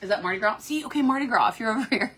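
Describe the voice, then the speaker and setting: A woman with a Kentucky accent, chatting upbeat and fast from a cruise ship cabin while reading viewer comments aloud on her phone. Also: fairly high pitch, lively intonation, crowd noise. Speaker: cruise vlogger host. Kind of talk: casual live-stream chat.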